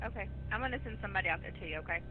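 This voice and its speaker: A woman's voice: medium pitch, racing. A woman emergency dispatcher on a recorded call, giving firm, repetitive instructions. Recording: tinny phone line.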